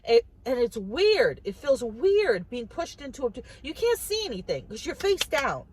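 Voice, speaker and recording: Chatty woman with a high voice. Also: sing-song, normal speed, a little mellow, breathy edge, rough recording. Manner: chatty, restarts and repeats words, quotes others. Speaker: vlogger. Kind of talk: casual storytelling to camera.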